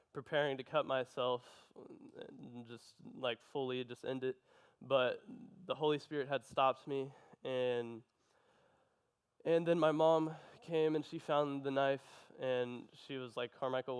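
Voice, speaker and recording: A young man giving an earnest personal testimony, telling his story in a halting way. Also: mid-range voice, clean tone. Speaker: testimony speaker.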